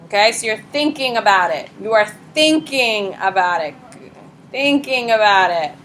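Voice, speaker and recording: Blunt, bright-voiced woman teaching a class. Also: mid-range voice, moderate pace, slight background noise. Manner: blunt, lively, acts out examples in quoted voices. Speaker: high school psychology teacher. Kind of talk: classroom lecture.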